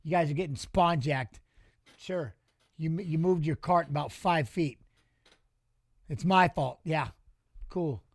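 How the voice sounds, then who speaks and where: Middle-aged man, high voice, loose animated storyteller, dry studio sound, casual swearing host. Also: a little slow, long pauses, no room sound. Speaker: watch-along host and former fighter. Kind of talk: casual chat reading live chat.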